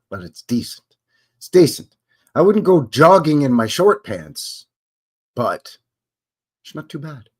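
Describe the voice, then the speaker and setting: A man's voice: on the high side, breathy edge. Brief: Canadian stream host, loose, joking, swings up and down a lot as he talks. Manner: rambling, joking, greets chatters by name. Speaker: livestream host. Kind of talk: casual live-stream chat.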